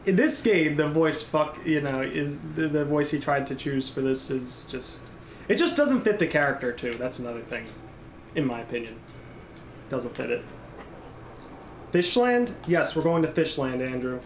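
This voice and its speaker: A man's voice: on the high side, animated, moderate pace, reverberant, slight background noise. A man giving live, rambling gameplay commentary and chatting casually with his viewers. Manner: rambling, casual, reads and answers chat. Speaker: gameplay streamer.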